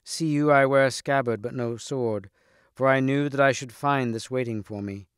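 Devout young storybook knight, calm and assured, male reader, dry mic. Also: medium pitch, moderate pace, clean tone, no room sound, natural voice. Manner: serene, assured.

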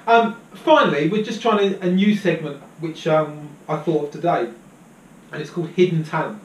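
A jokey, chatty man co-hosting a relaxed conversation, his voice slightly high. He sits back from the microphone in an echoey room, with faint background hiss. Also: moderate pace, far from the mic. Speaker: co-host. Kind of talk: casual podcast chat.

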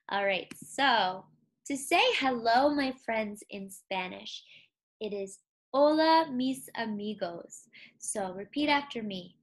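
A young woman teaching a recorded music lesson to kindergarteners, speaking slowly and clearly, coaching them and singing simple songs. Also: mid-range voice, fairly bright tone. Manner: slow, clear and encouraging, speaking to young children; sings simple songs and gives call-and-response prompts.

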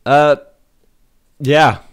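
A man's voice: a little high, drawn-out words, clear, resonant tone. A man giving casual reaction commentary in short asides, laughing often. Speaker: reaction video host.

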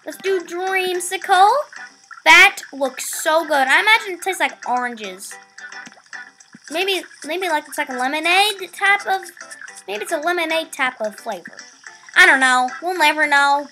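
A female gamer giving excitable let's play commentary, often stumbling over her words. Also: extremely high pitch, unhurried, soft background music.

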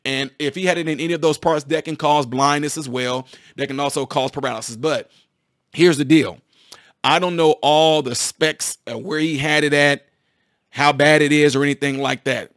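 A man, a former physical therapist, explaining a medical topic to his viewers in a casual, excited way, often restarting and repeating phrases. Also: fairly high pitch, moderate pace, dry recording, clean studio sound.

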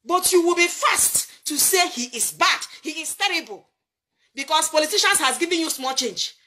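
Nigerian lady, super high sharp voice, preachy fired-up commentary, lots of rhetorical questions. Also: lively intonation, normal speed. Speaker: political commentator. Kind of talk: impassioned commentary monologue.

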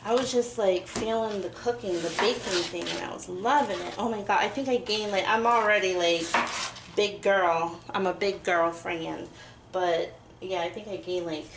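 A young woman rambles and giggles as she bakes. Her voice bounces around an echoey home kitchen. Knife chopping and clattering dishes are clearly heard behind her. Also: medium pitch, moderate pace, heavy background noise. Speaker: vlogger. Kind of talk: casual kitchen chat while baking. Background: chopping and clinking dishes.

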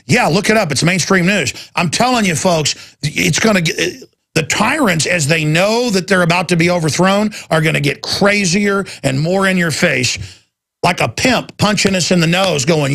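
A man's voice: high-pitched, normal speed, creaky, a bit bright. A man hosting a talk radio show, delivering a heated, impassioned monologue and mocking his opponents' voices.

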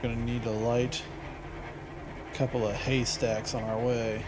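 A man's voice: mid-range voice, little pitch movement, unhurried. Rambling, chatty man gaming. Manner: rambling, chatty, wanders off on tangents; earnest, swears casually. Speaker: let's play gamer. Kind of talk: casual gameplay commentary.

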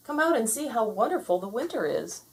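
A woman's voice: on the high side, sing-song, a little fast, pitched above the performer's own voice. A woman voicing an eager, cheerful male frog who coaxes his friend outside, in a storybook read-aloud. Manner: bright, coaxing, enthusiastic.

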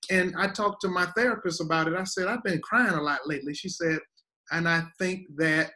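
A man's voice: on the high side, sharp tone. A man, a guest pastor, teaching in a preaching style, emphatic and repeating words for weight.

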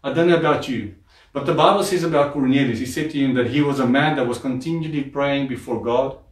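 A man's voice: medium pitch, quick pace. A man preaching a sermon as pastor, calling on the congregation to repeat words aloud and repeating phrases for emphasis. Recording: echoey room, voice from far off.

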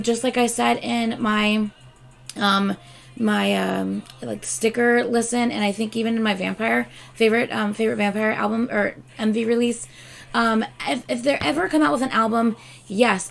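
A woman's voice: fairly high pitch, steady tone, normal speed, gravelly. A woman hosting a music reaction channel, talking casually to her viewers in a rambling, chatty way full of fillers, with a dry, scratchy throat. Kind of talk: casual talk to camera.

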